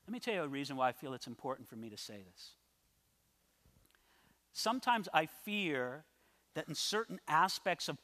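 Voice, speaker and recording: A male pastor preaching a sermon in earnest, moving between hushed asides and emphatic declarations. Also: fairly high pitch. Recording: long reverb of a large hall.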